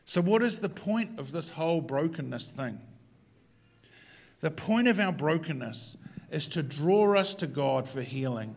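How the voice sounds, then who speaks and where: A male preacher with a slightly high voice delivers an earnest sermon, sometimes dropping low and hushed, sometimes rising into animated emphasis. The recording sounds a little dull and lo-fi. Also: measured pace, gravelly. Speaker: pastor.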